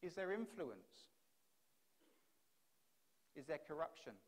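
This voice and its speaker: A man gives a keynote on a conference stage, taking it slowly in a sing-song, fairly high voice. Through a stage microphone he builds his case with strings of rhetorical questions, his delivery clearly practiced.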